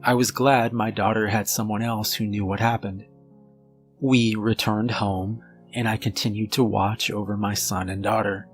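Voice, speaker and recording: Low-voiced man narrating a horror story. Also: little pitch movement. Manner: measured storytelling delivery. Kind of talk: scripted first-person horror narration. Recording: faint music bed under voice. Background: soft background music.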